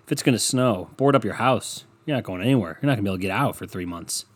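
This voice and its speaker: A man's voice: lowish voice, lively intonation, quick pace. A young man hosting a casual solo podcast, ranting with lots of swearing, mocking people and laughing at his own jokes. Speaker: podcast host.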